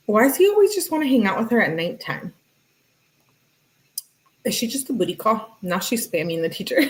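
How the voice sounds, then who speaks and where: A true crime commentator, a woman with a fairly low-pitched voice, casually reads text messages aloud and adds her own remarks. She chats with her live viewers as she goes. The audio quality is poor.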